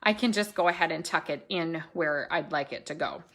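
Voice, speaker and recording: A woman's voice: low-pitched, a little fast, fairly bright tone. Chatty woman demonstrating crafts. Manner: chatty, thinks aloud and corrects herself. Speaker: stamping demonstrator.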